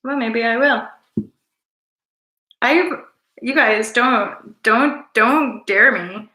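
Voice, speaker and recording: A woman chats loosely to her live viewers, rambling and teasing with an affectionate, playful lilt. Her voice sits in the middle of the range and comes across bright and forceful. The sound carries a roomy echo. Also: a little high, extremely slow. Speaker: livestream host. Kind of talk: casual live-stream chat with viewers.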